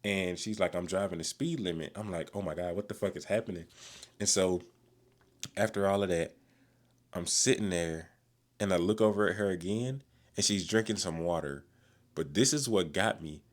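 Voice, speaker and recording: Man, deep voice, slangy profane storytime vlog, self-recorded on phone. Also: moderate pace. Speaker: vlogger. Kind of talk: casual storytime. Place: in a car. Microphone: phone recording himself.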